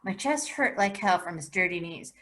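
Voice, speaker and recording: A woman teacher reads a novel aloud for her class, lending the first-person narrator an expressive, lively delivery. She sounds like she is recording a lesson. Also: lowish voice, normal speed. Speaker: English teacher.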